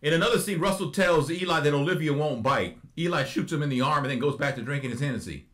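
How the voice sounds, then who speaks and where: A man's voice: fairly high pitch, lively intonation, fast talker, a bit bright. Laughing man recapping a TV drama. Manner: retells scenes with quoted voices, laughs often. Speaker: podcast co-host. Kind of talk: casual recap chat.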